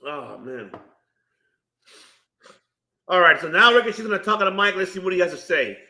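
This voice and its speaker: A high-voiced man calling the action in an excitable watch-party stream, his bright, forceful tone bouncing around a roomy, echoey space. He breaks into loud reactions and greets chat viewers between moves. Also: moderate pace. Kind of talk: live wrestling watch-along commentary. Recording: roomy echo.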